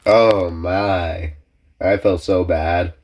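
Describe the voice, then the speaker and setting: A man's voice: deep voice, steady tone, very slow, a little mellow. A young man hosting a reaction video, making joking, self-mocking asides as he comments casually.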